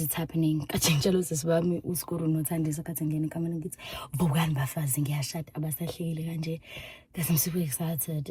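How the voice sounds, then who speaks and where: A young South African woman vlogging casually, excitable and emotional and quick to laugh. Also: deep voice, slight background noise. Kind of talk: casual vlog, switching between English and isiZulu. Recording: echoey room, far from the mic.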